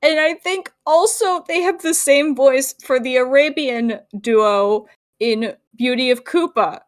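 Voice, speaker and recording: A woman co-hosting a casual cartoon recap, playful and prone to excited outbursts. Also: high voice, measured pace, no echo, clean studio sound. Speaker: podcast co-host.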